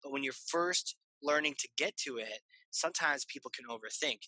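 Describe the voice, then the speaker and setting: A man's voice: medium pitch, moderate pace, bright, forceful tone, no echo, rough recording. A man hosting a podcast, talking loosely and rambling with lots of fillers. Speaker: podcast host. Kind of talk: casual chat.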